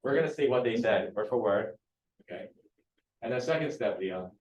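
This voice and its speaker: A man's voice: mid-range voice, expressive, moderate pace, a little mellow, highs cut off, a little hiss or hum. A man leading a real estate training class, quizzing students and coaxing answers. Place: training room.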